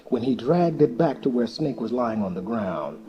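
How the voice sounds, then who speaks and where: A man narrating a folktale for listeners in an animated, expressive storybook manner. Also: mid-range voice, moderate pace, dull audio, music in the background.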